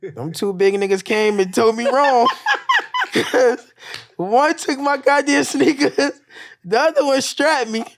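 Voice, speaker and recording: Lively, profane man telling a raw story. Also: very high-pitched, slow, gravelly. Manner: raw, profane, acts out quoted voices. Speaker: guest telling his story. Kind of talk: casual storytelling.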